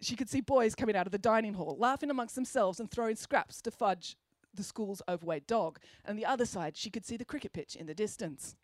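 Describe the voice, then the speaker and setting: A woman reading a children's story aloud, expressive and good-humoured. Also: medium pitch, a little fast, no room sound, studio quality.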